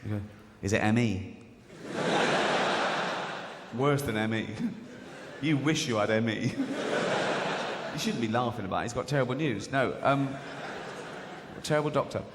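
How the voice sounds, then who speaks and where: A man's voice: mid-range voice, a little slow, long pauses, noisy background. An English man in his forties doing stand-up comedy, joking and swearing freely while acting out characters in mock voices. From England. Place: large theatre stage. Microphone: stage mic. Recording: live theatre with long hall reverb. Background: audience laughter.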